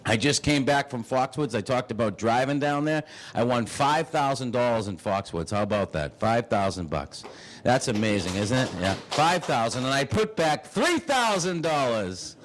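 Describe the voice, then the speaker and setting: A man telling rambling, rapid stand-up stories as a guest comedian. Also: medium pitch, animated, slight background noise, poor audio.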